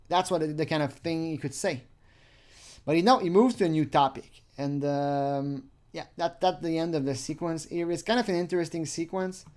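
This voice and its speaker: Man, crude sarcastic commentary, reads chat logs, slightly high pitch. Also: normal speed, a little mellow. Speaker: commentary host. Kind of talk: reading and mocking chat logs.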